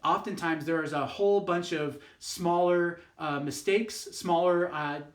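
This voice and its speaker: A man's voice: fairly high pitch, unhurried, echoey room. A man, a youth pastor, telling a fable in a casual, rambling way, with lots of fillers and restarts. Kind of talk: youth group devotional talk.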